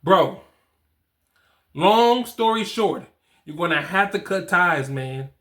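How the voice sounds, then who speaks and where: Forties guy preaching cut-ties advice, slangy and emphatic, kinda high bright voice. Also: lively intonation, takes it slowly. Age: 40s. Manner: emphatic, repeats himself, street slang. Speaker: fatherhood coach. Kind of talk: advice talk to camera.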